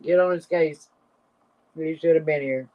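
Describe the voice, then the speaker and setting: A woman's voice: sits low, fairly even intonation, measured pace. A woman hosting a casual live stream, reading viewer comments aloud and laughing constantly until she is breathless. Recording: slightly dull lo-fi audio.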